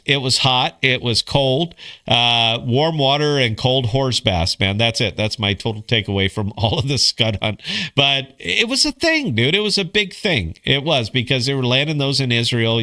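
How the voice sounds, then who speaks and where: A middle-aged man with a medium-pitched, pushed and bright voice hosts a casual livestream podcast. He's laid-back, swears, and calls people bro and dude.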